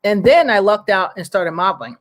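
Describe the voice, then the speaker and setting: A woman from New York hosting a talk show, telling personal stories in a rambling, lively way. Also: mid-range voice, fairly quick. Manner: rambling, restarts sentences, lively retelling. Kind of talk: casual interview chat, personal storytelling.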